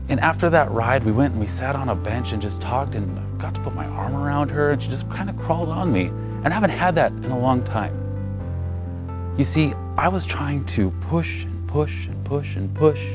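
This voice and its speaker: A man in his thirties preaching a sermon as pastor, telling stories and acting out the voices, loud one moment and nearly whispering the next. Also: mid-range voice, normal speed, faint music behind. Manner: animated storyteller acting out voices, ranging from loud to near whisper. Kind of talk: sermon with personal storytelling.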